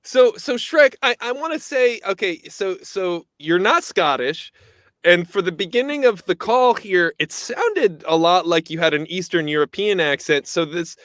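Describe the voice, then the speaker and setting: A man conducting a comedic mock interview, keeping a straight face as he stammers through his questions. His voice sits a little high. The sound is dry and close. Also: lively intonation, a bit bright, dry recording. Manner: playing along straight-faced, halting restarts.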